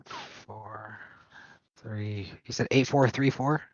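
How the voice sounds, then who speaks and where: Male game master, low voice, slow relaxed narration, dull dry lo-fi mic. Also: slightly rough, dry recording. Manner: loose, filler-heavy narration with chuckles.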